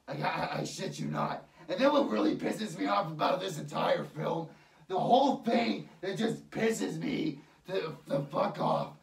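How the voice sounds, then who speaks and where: A man's voice: sits high, expressive, unhurried, vocal fry. A man ranting about a film in a heated, mocking way, swearing constantly. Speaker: online ranter. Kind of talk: profane rant. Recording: echoey room, far from mic.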